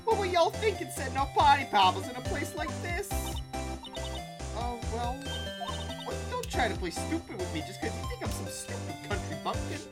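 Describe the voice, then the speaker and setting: A woman voicing a brash, loud Southern woman photographer, with a put-on Southern drawl and a bossy, folksy manner. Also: high voice, big pitch swings, moderate pace, over loud music, pitched above the performer's own voice. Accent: put-on American Southern drawl.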